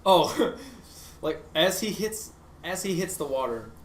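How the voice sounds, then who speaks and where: A man's voice: a little high, sing-song, slow. A young man co-hosting a podcast, telling a long story casually, full of fillers, and laughing through his own story. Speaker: podcast co-host. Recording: echoey room with faint hiss.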